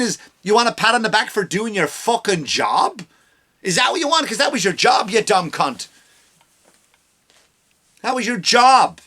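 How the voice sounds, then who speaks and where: High bright-voiced ranting comedian. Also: male voice, animated, moderate pace. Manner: ranting, swearing, sarcastic, mocks others in put-on voices. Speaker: comedy podcast host. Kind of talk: profane comedic rant.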